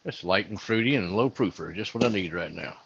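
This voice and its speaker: A man's voice: deep voice, animated, a little fast, creaky, fairly bright tone, husky, muffled recording. A man co-hosting a casual livestream, laid-back and agreeable, reading from chat. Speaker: livestream co-host.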